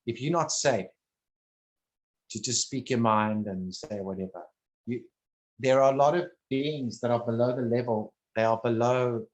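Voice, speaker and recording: A man talking casually one on one, rambling and halting, restarting his sentences and swearing bluntly now and then. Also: mid-range voice.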